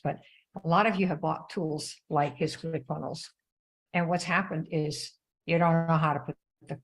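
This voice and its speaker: An older woman coaching on network marketing in an animated, conversational live-stream talk. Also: low-pitched, creaky, low-quality recording.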